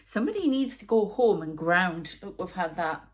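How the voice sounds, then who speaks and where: A woman's voice: fairly low pitch, lively intonation, fairly quick, hardly any pauses. A woman with a Geordie accent giving a rambling, chatty tarot reading full of asides. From North East England. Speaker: tarot reader. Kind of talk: casual psychic reading monologue.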